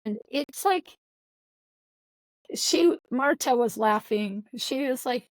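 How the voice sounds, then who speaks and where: Slow, earnest woman coach. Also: a little high, expressive, dry recording, rough recording. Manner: earnest, reflective, repeats words while searching for phrasing. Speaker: volleyball coach. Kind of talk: podcast interview.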